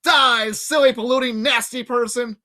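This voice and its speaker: A man voicing a frantic, game-obsessed satyr boy who shouts in a screechy voice. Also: extremely high pitch, steady tone, moderate pace, pitched above the performer's own voice, full character voice.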